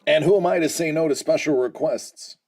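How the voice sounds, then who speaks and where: A man's voice: fairly high pitch, a little fast, a little mellow. An American man hosting a livestream, chatting casually and jokingly with his viewers and calling them by name. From United States. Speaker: livestream host.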